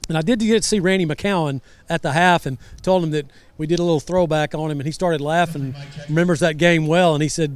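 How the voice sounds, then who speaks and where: A man commentating a high school football game live from a rainy outdoor stadium, chatty and storytelling. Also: fast, hardly any pauses, clean tone. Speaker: sideline reporter and color commentator.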